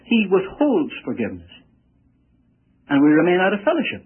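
A male preacher with a fairly high, lively voice that leaps up on the words he wants to hit. The sound is husky and worn, heard through a thin, phone-like radio broadcast. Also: moderate pace. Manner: emphatic, punches key words, illustrates with family stories. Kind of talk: sermon with audience questions.

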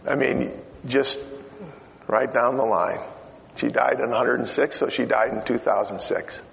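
A middle-aged man preaching a sermon, telling stories and swinging from loud exhortation to quiet asides. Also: medium pitch, fairly even intonation, a little slow, gravelly, slight background noise. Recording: dull lo-fi sound in a reverberant hall.

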